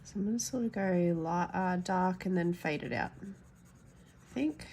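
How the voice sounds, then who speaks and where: Woman, nasal and stuffy, casual vlog, frank and chatty, quiet room. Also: fairly low pitch, moderate pace, slight background noise. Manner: chatty, frank, thinking aloud. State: stuffy and nasal from hay fever. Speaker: adult colouring YouTuber. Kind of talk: casual swatch-testing vlog.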